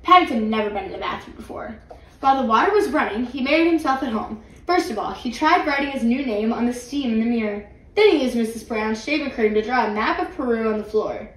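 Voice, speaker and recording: A woman hosting her own channel, reading a picture book aloud in a clear, steady storytelling way. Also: on the high side, fairly quick, recorded from a distance. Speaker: channel host, reader. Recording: roomy, away from mic.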